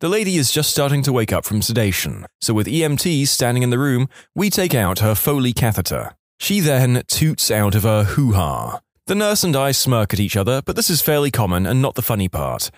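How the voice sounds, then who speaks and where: A man narrating online stories aloud with wry, expressive storytelling. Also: mid-range voice, brisk, few pauses, no room sound, studio quality.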